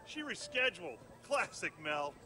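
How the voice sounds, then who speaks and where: A man's voice: sits high, sing-song, moderate pace, bright, forceful tone, a little hiss or hum, full character voice. An actor playing a chatty, fussy male clerk who keeps a furnace schedule in a story video game.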